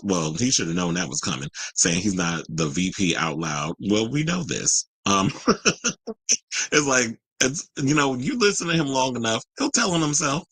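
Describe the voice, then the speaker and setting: A man hosts a casual commentary show and reads out viewer comments with sass and strong opinions. His voice sits low, has a bright, forceful edge and some husky grain. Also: moderate pace, dry recording, low-quality recording. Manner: animated, sassy, outspoken. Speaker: host.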